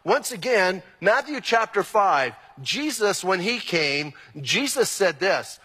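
Animated preaching man in a reverberant hall. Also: sits high, slow, few pauses, slightly rough. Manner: animated preaching, emphatic and exclamatory. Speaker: pastor. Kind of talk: sermon. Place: church sanctuary.

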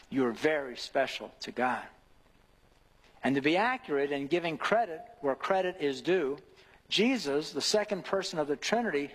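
Earnest husky preacher in a reverberant hall. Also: male voice, a little high. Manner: earnest, rising to emphatic questions. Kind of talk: devotional sermon.

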